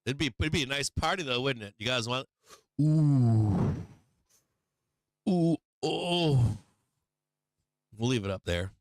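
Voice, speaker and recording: A man's voice: medium pitch, animated, fast talker, few pauses, fairly bright tone, no echo. A man hosting a stock market livestream, giving brash, profane live trading commentary and laughing often.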